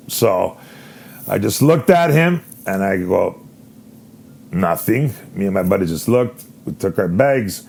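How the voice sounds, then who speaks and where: A man hosts a podcast on his own, spinning a long, rambling story full of swearing and animated retellings. His voice sits low and has a husky, gravelly rasp. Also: moderate pace. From Canada. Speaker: podcast host. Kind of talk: casual storytelling.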